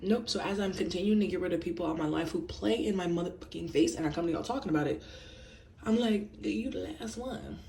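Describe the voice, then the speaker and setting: A woman's voice: lowish voice, fast talker, gravelly, slight background noise. Candid woman vlogger venting to camera. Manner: candid and animated, slipping into mocking quoted voices.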